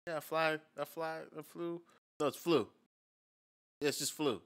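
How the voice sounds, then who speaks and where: A man's voice: a little high, a little slow. An American man casually reacting to a video with profane, joking banter. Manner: profane, loud, laughing banter. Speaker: reaction streamer.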